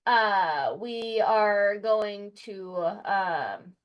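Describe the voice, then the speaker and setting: A woman's voice: medium pitch, extremely slow, dull audio. A woman playing a tabletop game, describing her character's moves in a gleeful, rambling way. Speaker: player.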